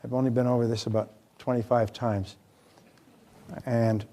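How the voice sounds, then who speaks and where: A man's voice: medium pitch, level tone, moderate pace, warm tone. An older man giving a live motivational seminar lecture, speaking emphatically and putting rhetorical questions to the audience.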